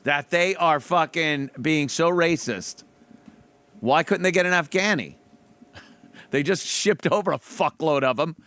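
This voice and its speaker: A man's voice: fairly high pitch, a little slow, fairly bright tone, clean tone. A talk show host, a man, mocking a trailer in a profane comedic rant and laughing often.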